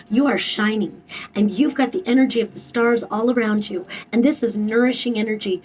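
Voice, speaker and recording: A woman's voice: fairly high pitch, a little mellow, husky, recorded from a distance, poor audio. A woman giving a spoken tarot reading, emphatic and blunt, swearing freely and repeating her phrases. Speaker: tarot reader.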